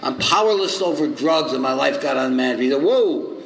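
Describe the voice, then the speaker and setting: A man in his seventies on the recovery speaking circuit tells stories at a meeting, acting out both sides of each conversation with lively swings in his voice. His voice is mid-range with vocal fry, and he talks at a quick pace. The hall is echoey, with faint noise.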